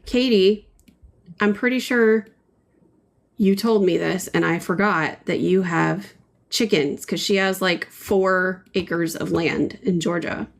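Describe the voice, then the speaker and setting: A woman's voice: lowish voice, slow pace, vocal fry. A woman chatting playfully with her viewers, answering their comments as she paints on a livestream. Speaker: livestream host. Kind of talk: casual chat while painting live.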